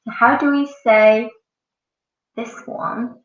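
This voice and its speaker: A woman teaching a class of children, speaking slowly and repeating each sound many times for the pupils to copy. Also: a little high, fairly even intonation. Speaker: Mandarin teacher. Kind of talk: classroom language lesson. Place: school classroom. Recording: far-off mic in an echoey classroom, dull sound.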